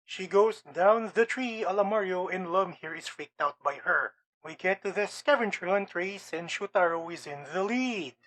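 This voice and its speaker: Anime reviewer running through an episode recap, breezy, tosses in slangy jokes, mid pitch. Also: normal speed, fairly bright tone. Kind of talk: casual episode recap narration.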